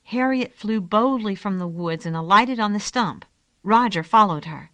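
A woman narrating a children's storybook in a calm, gentle way. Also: medium pitch, moderate pace, dry recording. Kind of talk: storybook reading.

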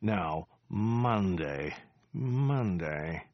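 A man's voice: sits low, lively intonation, very slow, lo-fi sound, exaggerated voice. A man voicing a self-important, weary male warlord who complains moodily about his busy schedule. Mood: grumbling. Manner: moody, slouching complaint.

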